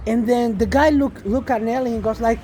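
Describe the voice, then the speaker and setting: Here the vlogger dad's voice is very high and mellow, moving a little fast over slight background noise. His spiritual story about his daughter wanders, full of restarts and endearments said again and again.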